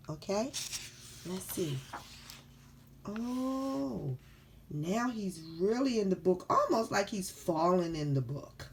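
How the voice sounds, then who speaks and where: A woman reading a picture book aloud to children, slowly and encouragingly, asking them questions. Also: fairly low pitch, slight background noise. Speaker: storybook reader.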